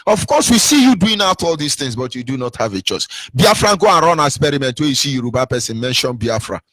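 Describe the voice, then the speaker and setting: A man's voice: mid-range voice, very animated, a little fast, few pauses, a bit bright, dry recording. A man with a Nigerian accent delivering an impassioned political monologue, preachy and emphatic, firing off rhetorical questions and repeating himself for effect. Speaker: political commentator.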